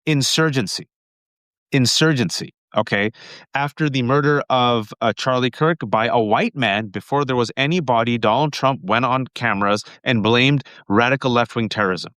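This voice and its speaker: Middle-aged new york guy ranting fast on a live stream, punchy, dry close mic. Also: mid-range voice, a bit bright, no room sound. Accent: New Yorker. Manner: rapid-fire, emphatic, addresses viewers as folks. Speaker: political commentator and show host.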